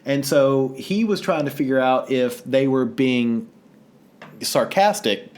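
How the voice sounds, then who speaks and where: A man co-hosting a podcast, telling a story in a casual, animated way, laughing often and acting out what others said. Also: medium pitch, takes it slowly. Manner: animated, laughing, acts out quoted voices. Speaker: podcast co-host.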